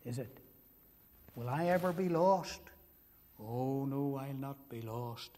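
A man's voice: medium pitch, slow, mellow. An older man preaching an evangelistic sermon, emphatic and pleading, repeating his key phrases. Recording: long hall reverb.

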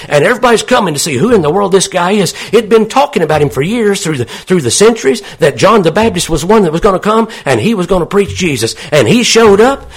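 A man preaching in a husky, slightly higher-pitched voice. He talks folksy and plain, turning often to his listeners with questions. It comes across as an unhurried sermon.

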